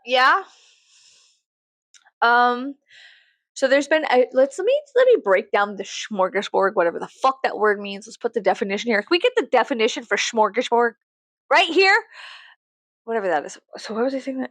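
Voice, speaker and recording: A woman's voice: a little high, very animated, normal speed, no echo. A woman, venting profanely and animatedly in a story-time vlog. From Texas, USA. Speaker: vlogger.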